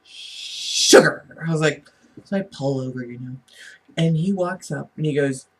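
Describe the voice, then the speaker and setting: A man's voice: on the high side, moderate pace, a little mellow, distant mic. Rambling, chatty man telling a story. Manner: rambling, with many restarts and asides; chatty and amused. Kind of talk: casual storytelling to camera.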